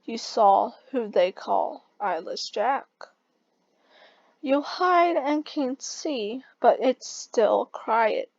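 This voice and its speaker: Woman story reader, slightly high voice, very slow halting delivery, muffled dry home recording. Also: animated, vocal fry, a little mellow, dry recording. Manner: halting, stumbling reading with restarts. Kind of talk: reading a second-person fan story aloud.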